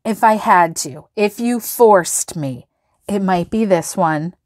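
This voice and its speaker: A woman vlogger gushing over craft supplies, breaking into gasps and delighted exclamations. Her pitch sits in a middle range and she speaks at a slow, lingering pace. The recording is close and dry, with no room echo. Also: darkish tone. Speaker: planner and sticker vlogger. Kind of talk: excited product flip-through.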